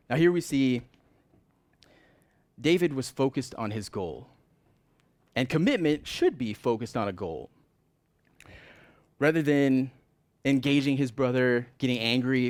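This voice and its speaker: A man's voice: mid-range voice, no echo. Earnest conversational male preacher. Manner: conversational and earnest, with rising emphasis. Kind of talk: sermon.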